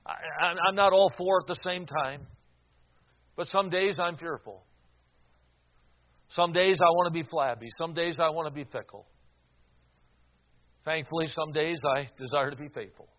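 A high-pitched older man preaches to a congregation, spinning a personal story with sudden loud bursts and quiet, hushed stretches. He stumbles over repeated words now and then. The recording sounds slightly dull and muffled. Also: moderate pace, long pauses. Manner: storytelling, dramatic swings from shouting to hushed.

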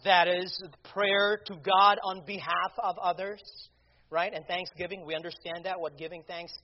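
Man, high voice, unhurried sermon, emphatic preaching, muffled lo-fi recording. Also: flat delivery. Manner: deliberate, emphatic preaching with rhetorical questions. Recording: dull lo-fi recording.

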